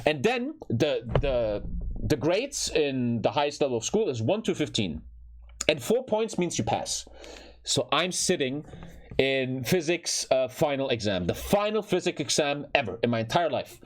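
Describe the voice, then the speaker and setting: Animated German-accented man telling a story. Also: mid-range voice, moderate pace. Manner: animated, swears often, repeats phrases for emphasis. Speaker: streamer. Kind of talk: casual storytelling while gaming.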